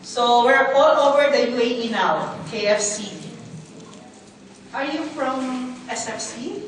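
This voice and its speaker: A woman's voice: a little high, slow pace, pauses often, music in the background. A Filipino woman in her fifties gives a chatty church talk, questioning the audience and slipping in Tagalog asides. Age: 50s. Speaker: guest speaker at a church ministry event. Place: large hall. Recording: very echoey hall from far off, faint noise.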